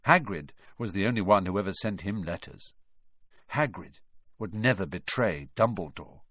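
A man narrating a storybook in an expressive, lively reading. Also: low voice, moderate pace, no echo, studio quality. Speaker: audiobook narrator.

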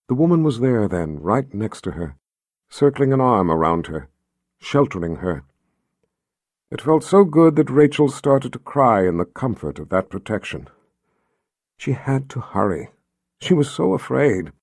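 A man narrating an audiobook in a calm, expressive storytelling manner. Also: lowish voice, moderate pace, dry recording, clean studio sound.

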